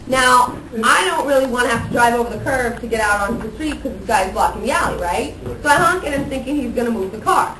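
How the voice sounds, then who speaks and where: High-voiced woman teacher, echoey classroom. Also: expressive, fast talker, few pauses. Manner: chatty, worked-up storytelling, acts out her own reactions. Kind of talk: telling a story to a class. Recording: echoey classroom from far off, noisy.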